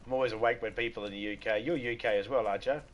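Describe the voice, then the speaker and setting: An Australian man talks casually to his live-stream chat. His voice sits at an ordinary middle pitch, and he wanders from point to point, joking and breaking into laughter. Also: steady tone, racing, highs cut off. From Western Australia. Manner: rambling, joking, laughs often.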